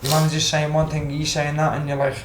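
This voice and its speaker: A man's voice: a little high, monotone, fast, a little hiss or hum. A young man with a Scouse accent, a former footballer on a podcast, telling stories casually and acting out the quotes. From Liverpool, England. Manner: swears freely, acts out quotes. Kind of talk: casual storytelling. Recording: roomy with faint background ambience.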